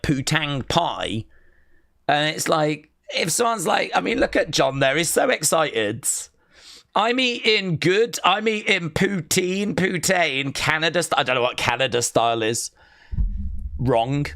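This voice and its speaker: British guy on a live stream reading chat out loud, teasing folks, voice jumps all over the place, slow unhurried delivery. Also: mid-range voice, vocal fry, no echo, studio quality. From Britain. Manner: bantering, teasing, mock-outraged asides. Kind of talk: casual watch-along chat reading viewer comments.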